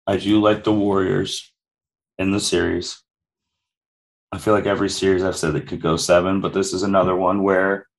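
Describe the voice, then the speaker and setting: A man co-hosting a casual sports podcast, laying out his points in a steady way. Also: sits low, poor audio. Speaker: podcast co-host.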